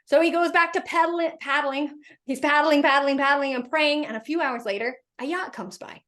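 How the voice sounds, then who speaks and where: High-pitched woman speaker leading a motivational faith talk, animated storyteller. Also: normal speed. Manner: storytelling with acted voices. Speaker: host.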